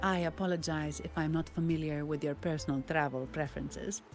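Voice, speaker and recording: A courteous, formal young banker-bodyguard from a video game with an Italian accent. Her voice sits low, and a soft music bed runs underneath. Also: steady tone, brisk. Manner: polite, formal, businesslike. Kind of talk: game character dialogue.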